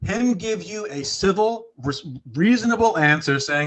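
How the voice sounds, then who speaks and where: A man's voice: high voice, animated, unhurried, fairly bright tone. A man in his thirties co-hosting a sports podcast, ranting heatedly with lots of swearing and restarts. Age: 30s. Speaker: podcast co-host. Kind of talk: casual sports talk.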